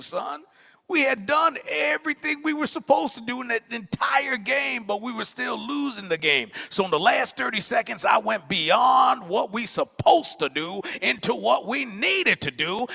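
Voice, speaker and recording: A man's voice: very high-pitched, creaky, husky, in a large hall, voice pushed up, heavily acted. A man doing a stern, preachy old football coach. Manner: lecturing, rising to slow emphatic shouts.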